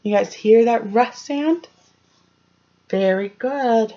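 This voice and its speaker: A young woman teacher leads a slow, careful phonics lesson, drawing out each letter sound. She checks in with the children, praising them as she goes. The recording of her online class is a little dull. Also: a little high, dark tone. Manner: sounds out letters, frequent encouraging questions. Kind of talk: slow, clear early-grade phonics lesson. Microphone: home recording for online class.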